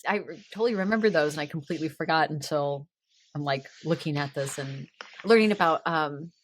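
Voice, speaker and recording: A woman's voice: sits low, fairly quick, a little hiss or hum. A woman hosting a casual chat podcast, giggly and laughing often between sentences. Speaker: podcast host.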